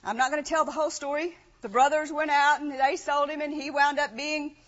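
A woman's voice: high voice, steady tone, a little fast, fairly bright tone. A woman preaching a sermon in a conversational way, asking rhetorical questions and reading scripture. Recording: dull lo-fi sound, long hall reverb.

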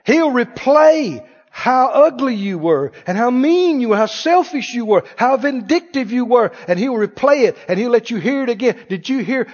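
A man preaching a sermon as pastor, animatedly acting out the voices of doubting people. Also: very high voice. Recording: dull audio with long hall reverb.

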